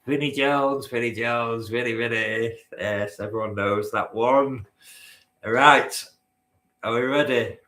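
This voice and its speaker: A man's voice: medium pitch, fairly even intonation, takes it slowly, pushed and bright, roomy sound. A man hosting a live-stream quiz, bantering with the chat and swearing now and then. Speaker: quizmaster.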